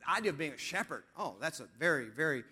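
A man's voice: a little high, lively intonation, fast talker, sharp tone, slightly rough. A man preaching a sermon as a pastor, emphatic, repeating phrases and asking the congregation questions. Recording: long hall reverb.

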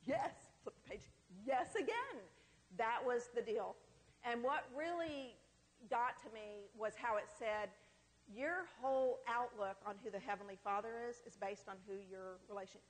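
A woman's voice: medium pitch, fairly bright tone. A middle-aged woman giving a candid, conversational personal testimony to a church group, with self-deprecating humor. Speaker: speaker at a women's church gathering. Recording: long hall reverb.

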